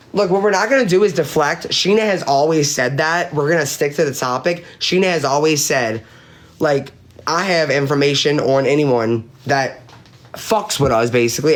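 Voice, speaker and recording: A man's voice: fairly high pitch, normal speed. A man on a live-stream panel recounting online drama in casual chat. He is blunt and profane, reads chat messages aloud, and repeats his points for emphasis.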